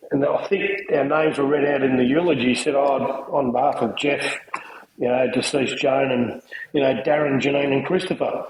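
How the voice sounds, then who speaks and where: A man's voice: mid-range voice, darkish tone. A middle-aged man with an Australian accent, a podcast guest telling stories in casual chat, laughing often. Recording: echoey room with noise.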